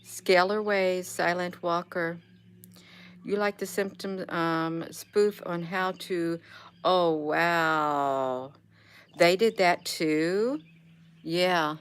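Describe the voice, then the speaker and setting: A woman's voice: on the low side, extremely slow, clear, resonant tone. A woman chatting casually on a live stream outdoors in her yard, meandering and losing her train of thought as she greets viewers by name. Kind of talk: rambling casual livestream chat.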